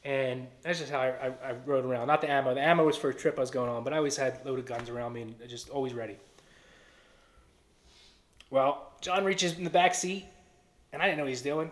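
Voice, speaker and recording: Earnest man telling a personal testimony. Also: mid-range voice. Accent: Philadelphia area. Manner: earnest storytelling with quoted dialogue. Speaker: testimony speaker.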